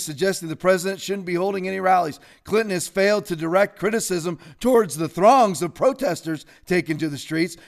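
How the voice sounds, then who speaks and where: A man hosting an opinionated commentary show, sarcastic and fiery, with sudden loud outbursts. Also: high-pitched. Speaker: Christian commentary host.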